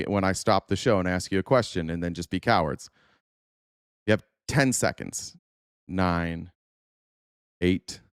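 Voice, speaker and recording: Ranting livestream host, swings up and down. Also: male voice, mid-range voice, no echo, studio quality. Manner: heated, sarcastic, swearing, scolding chat commenters. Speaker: livestream host reacting to news. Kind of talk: profane live-stream rant.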